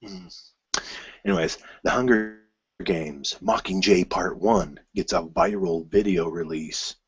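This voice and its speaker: A man hosting his own film news show, rambling casually with many fillers and restarts and bursts of excitement. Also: low-pitched, a little slow, husky, dry recording, dull audio.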